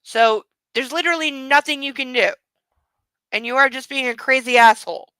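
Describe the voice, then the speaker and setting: A woman's voice: high-pitched, normal speed, bright, forceful tone, clean tone, no room sound, rough recording. A young woman hosting an online book club, chatting and mocking the text with sarcastic asides. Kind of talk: sarcastic reading commentary.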